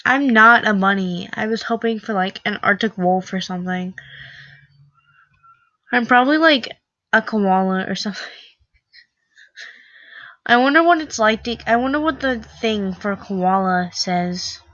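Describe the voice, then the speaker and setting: A woman's voice: mid-range voice, unhurried, long pauses, a bit bright, no room sound, dull audio. A teenage girl casually reacting to an online quiz, chatty and sarcastic, full of "like". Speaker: vlogger taking an online quiz.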